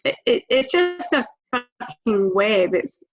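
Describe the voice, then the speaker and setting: A woman's voice: a little high, big pitch swings, takes it slowly, soft background music. A woman chatting candidly in a group video call, swearing casually and laughing often. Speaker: brand representative guest. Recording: slightly lo-fi video call audio.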